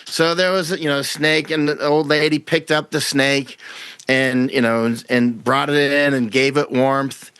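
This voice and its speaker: A man's voice: mid-range voice, fairly even intonation, unhurried, a bit bright, clean tone, dry recording. Man talking in a dry, close voice. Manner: rambling, repeats words, acts out quoted voices. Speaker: guest commentator. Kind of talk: casual conversational interview.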